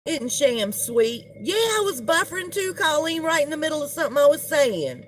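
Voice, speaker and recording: A woman's voice: high-pitched, big pitch swings, moderate pace, hardly any pauses, a little hiss or hum. A middle-aged woman, hosting a casual live-stream gossip chat and greeting viewers as she talks. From United States. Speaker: livestream host.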